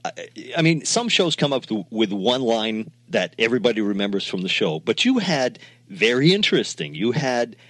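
A male radio host asking enthusiastic, halting questions full of restarts in a casual interview. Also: mid-range voice, sing-song, fairly bright tone, dry recording.

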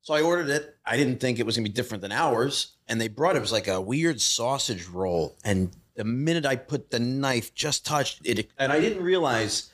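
A man's voice: mid-range voice, animated, normal speed, hardly any pauses, a bit bright. Man telling an anecdote. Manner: anecdotal storyteller. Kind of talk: casual chat.

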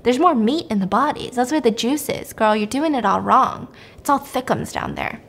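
A woman hosting a podcast, casually retelling a movie's plot in a chatty, animated way. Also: fairly high pitch, normal speed. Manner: chatty, animated storytelling with quoted voices. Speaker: podcast host.

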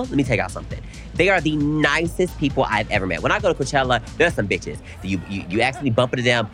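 A young man co-hosting a podcast, telling an animated story in casual chat and swearing freely. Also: medium pitch, quick pace, soft background music. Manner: animated storytelling, frequent cursing. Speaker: podcast co-host.

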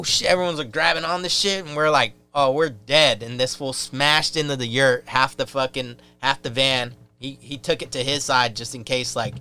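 Man, bright voice, clear tone, profane rambling storyteller, casual podcast chat. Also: medium pitch. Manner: loose, profane, animated storyteller. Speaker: podcast guest.

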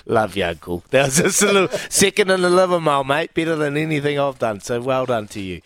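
A man hosting sports talk radio, chatty and matey. His mid-pitched voice sounds dry and close to the mic. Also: lively intonation, no room sound. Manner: chatty, matey, quick reactions. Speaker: radio host. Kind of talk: casual sports radio chat.

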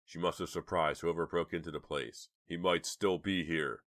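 A man's voice: low voice, fairly even intonation, moderate pace, fairly bright tone. A man voicing a brave teenage boy in an audiobook, speaking with urgent, firm, raised lines. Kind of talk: audiobook reading.

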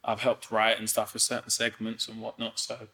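A man's voice: on the low side, monotone, moderate pace, pushed and bright. A man, a comedian chatting as a podcast guest, rambling and slangy with lots of fillers. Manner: slangy, rambling, many fillers and "do you know what I mean". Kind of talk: casual podcast chat.

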